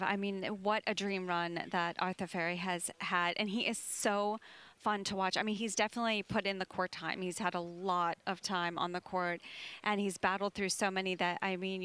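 A woman's voice: medium pitch, fairly bright tone, clean tone. A woman tennis pundit giving enthusiastic, emphatic match predictions. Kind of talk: sports analysis.

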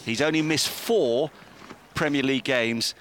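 A man's voice: mid-range voice, a little slow, a bit bright, a little hiss or hum. A man presenting a live radio show in a bantering, jokey way. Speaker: radio host. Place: outdoor media centre roof.

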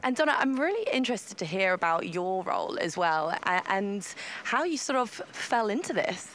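A woman's voice: medium pitch, big pitch swings, normal speed, a bit bright, slight background noise. A woman interviewer asking curious, conversational questions. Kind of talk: friendly interview.

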